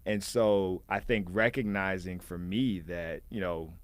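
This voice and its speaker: Animated man telling a story, dry sound. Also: sits low, measured pace, dry recording. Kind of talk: conversational storytelling.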